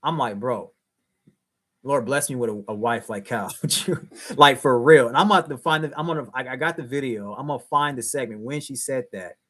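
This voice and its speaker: Animated man hosting sports talk. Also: medium pitch, a little fast. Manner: animated, emphatic, talks straight to viewers. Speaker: show host. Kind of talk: casual late-night sports talk.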